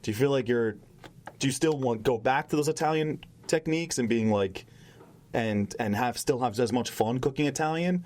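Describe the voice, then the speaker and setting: A man's voice: medium pitch, moderate pace, darkish tone. A man hosting a podcast interview, chatting casually and finishing his guest's sentences with short interjections. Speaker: podcast host.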